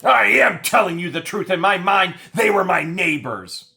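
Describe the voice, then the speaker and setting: A man mimicking a defensive woman being questioned, drawn out and loud. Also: high voice, expressive, moderate pace, vocal fry, pitched above the performer's own voice, full character voice. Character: shrill evasive woman at a deposition.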